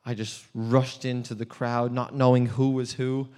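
An actor playing an earnest, desperate blind male beggar in a dramatic first-person monologue, swinging between hushed and loud storytelling. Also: medium pitch, little pitch movement, measured pace, smooth, close to an everyday voice. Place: church hall. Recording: long church hall reverb.

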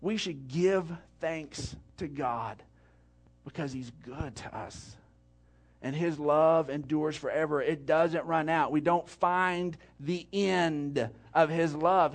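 A man with a high voice preaching a sermon as a pastor. He tells a homespun story in a relaxed, folksy way and drops in quick asides.

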